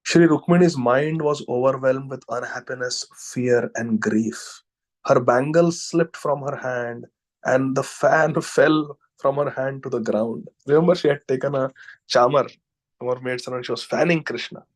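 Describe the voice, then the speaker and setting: A man reading devotional scripture aloud, chanting Sanskrit verses slowly and then explaining them in English. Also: mid-range voice. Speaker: scripture reader and preacher.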